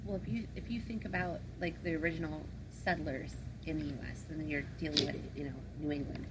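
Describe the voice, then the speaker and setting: Low-pitched chatty female co-host, laughs easily, recorded with clear background noise. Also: fairly even intonation, fast. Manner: chatty, laughs often, argues her point. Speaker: podcast co-host. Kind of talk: casual podcast chat. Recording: noisy background.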